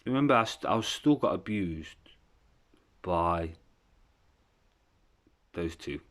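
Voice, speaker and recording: A deep-voiced man recounts his past in a loose, rambling monologue. He is blunt and candid, and he swears constantly as he talks. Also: lively intonation, slow pace, fairly bright tone. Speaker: vlogger telling his life story. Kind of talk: casual storytelling.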